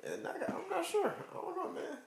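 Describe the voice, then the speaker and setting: Man, gravelly voice, quick wide-swinging delivery, casual sports chat, roomy echo. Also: very high voice, huge pitch swings. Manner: brief agreeing interjections. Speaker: podcast co-host. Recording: echoey room.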